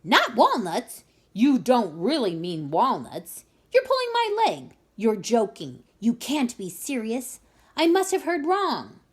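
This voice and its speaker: A woman voicing an excitable male monkey who squeals with disbelief in a storybook reading. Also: on the high side, slow pace, husky, heavily acted. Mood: overjoyed. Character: small excitable male monkey, nut-crazy.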